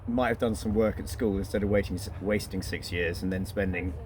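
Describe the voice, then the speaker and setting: A man's voice: low voice, steady tone, a little fast, a little mellow. A man in a church congregation making wry remarks during a sermon. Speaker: congregation member. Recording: distant mic, faint noise.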